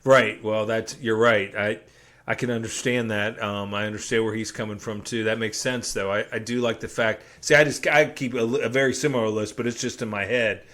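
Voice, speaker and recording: A man's voice: on the low side, fairly even intonation, fairly quick, a bit bright. Aggrieved ranting male podcast host. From Ohio. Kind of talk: deadpan comedic podcast banter.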